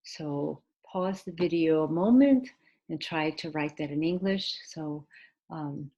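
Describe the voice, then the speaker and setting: Woman teacher doing a video english lesson, low voice, slow and patient, lots of uhs. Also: warm tone, dull audio. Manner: patient step-by-step explaining, spells out letters; hesitant, with frequent "uh" and restarts. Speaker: ESL teacher. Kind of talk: recorded video lesson over slides.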